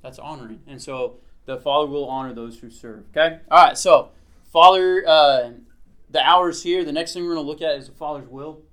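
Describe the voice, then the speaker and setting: A man teaching a Bible lesson to a small group. He reads scripture aloud slowly, then explains it in a conversational way, often checking in with "okay?". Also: mid-range voice, fairly bright tone.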